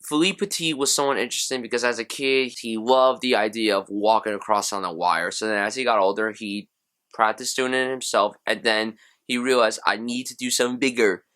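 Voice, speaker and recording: A young man gives an easygoing film review in a lowish voice. His delivery is upbeat and conversational, and he drifts into side comments as he goes. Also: brisk, a bit bright, clean tone. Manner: chatty and enthusiastic, with loose asides. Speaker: movie reviewer. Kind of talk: casual spoken film review.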